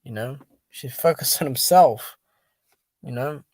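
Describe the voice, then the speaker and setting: A man's voice: medium pitch, unhurried, darkish tone, dry recording. Sleepy man chatting on stream. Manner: chatty, reacting and reading viewer comments. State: tired and sleepy. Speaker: boxing stream host. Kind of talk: casual live-stream chat.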